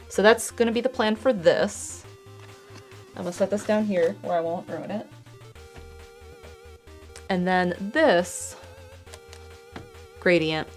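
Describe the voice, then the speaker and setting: A young woman streaming her art, chatting casually and explaining her painting steps as she works. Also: mid-range voice. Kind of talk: casual chat while painting.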